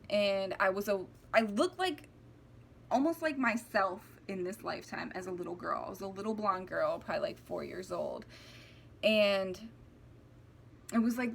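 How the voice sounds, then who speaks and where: A woman's voice: mid-range voice, slight background noise. A young woman speaking heartfelt and rambling to her viewers, close to tears, with many restarts and fillers. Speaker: spiritual vlogger. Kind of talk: casual heartfelt monologue to camera.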